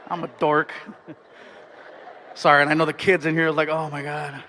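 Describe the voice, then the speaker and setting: A man doing a stand-up comedy set, telling animated stories and switching into put-on voices. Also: fairly high pitch, moderate pace, slight background noise.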